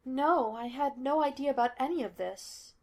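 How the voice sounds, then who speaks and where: A woman's voice: on the high side, moderate pace, lightly acted. A woman voicing a frightened, stubborn widow in a read-aloud story, sounding anxious yet firm. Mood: shaken.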